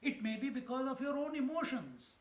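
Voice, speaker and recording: A man's voice: extremely high pitch, big pitch swings, fairly quick, reverberant, rough recording. A man giving a spiritual discourse, chanting verses and then explaining them with stories and laughter. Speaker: swami giving a scripture talk.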